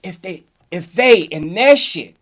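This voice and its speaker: A man's voice: high voice, lively intonation, a little slow, fairly bright tone. A middle-aged man co-hosting a casual hip hop talk show, emphatic and full of slang, often agreeing with his partner. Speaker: podcast co-host.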